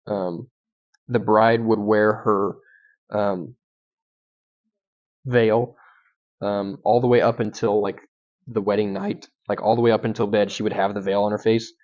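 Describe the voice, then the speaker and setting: A man's voice: fairly low pitch, a little mellow. A young adult man, a guest speaker, teaching through a Bible passage in a conversational way, with frequent ums and restarts. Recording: dull lo-fi sound.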